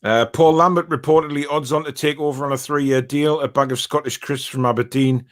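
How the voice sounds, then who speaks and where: A man's voice: a little high, steady tone, a little fast. A man hosting a football podcast, reading viewer comments aloud and teasing his co-hosts in casual banter.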